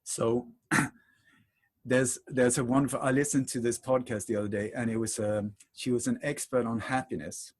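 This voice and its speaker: A man speaking as a podcast guest in a conversational interview, telling stories in a rambling, animated way with emphatic repetitions. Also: medium pitch, moderate pace.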